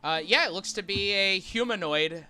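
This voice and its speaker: A man's voice: high voice, moderate pace, bright, forceful tone, soft background music. A man narrating as game master of a tabletop game stream, casual and hesitant.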